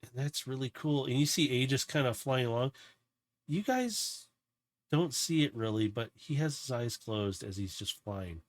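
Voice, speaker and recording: A man running a tabletop game, describing the scene in a loose, rambling way. His voice sits at a middle pitch. The sound is dry and close. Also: lively intonation, measured pace, no room sound. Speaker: game master.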